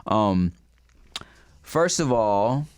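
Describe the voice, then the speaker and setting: A man co-hosting a casual comedy podcast, joking as he goes. He stammers through restarts, and his pitch swings widely. The sound is dry and close. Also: lively intonation, very slow, clean tone, no room sound. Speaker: podcast co-host.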